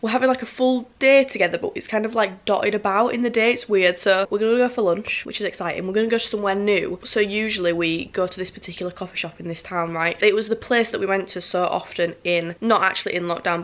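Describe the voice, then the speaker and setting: A young woman in her early twenties talks straight to her camera at home, rattling along at a quick clip. Her voice sits slightly low and a touch croaky, and she gushes with plenty of fillers. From England. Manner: chatty, gushing, lots of "like" and "literally". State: a bit croaky. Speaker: vlogger. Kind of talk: casual chat to camera. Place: bedroom at home.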